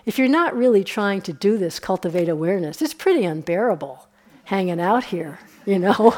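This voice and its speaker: A woman meditation teacher giving a relaxed, conversational dharma talk on a retreat, often chuckling. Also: lowish voice, a little fast. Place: retreat center hall.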